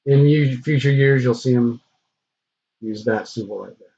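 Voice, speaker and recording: A man teaching a recorded math lesson, talking through the steps in a relaxed, conversational way with frequent fillers. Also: mid-range voice, normal speed, gravelly, slight background noise. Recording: dull lo-fi recording.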